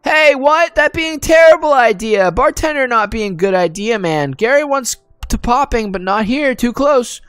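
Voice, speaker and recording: A squeaky little goblin dude, stammers, talks in broken grammar, jumpy high voice. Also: male voice, lively intonation, normal speed, hardly any pauses, fairly bright tone, clean tone, no echo, studio quality, soft background music. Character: excitable little male goblin, broken speech.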